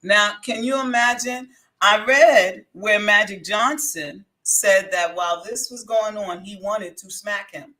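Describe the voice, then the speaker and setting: A woman's voice: medium pitch, measured pace, sharp tone. A woman giving casual reaction commentary on a clip, blunt and opinionated, with chatty restarts.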